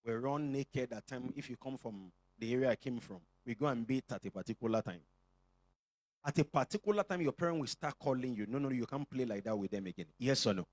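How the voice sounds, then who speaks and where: A man's voice: mid-range voice, fairly quick, a little mellow. A male pastor with a Nigerian accent preaching a sermon to his church, joking and calling for responses from the congregation.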